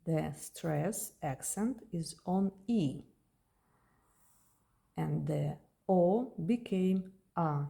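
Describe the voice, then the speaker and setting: A woman with a Russian accent, a native Russian speaker, gives a slow, patient beginner language lesson and repeats words for practice. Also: lowish voice, vocal fry, warm tone. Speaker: language teacher.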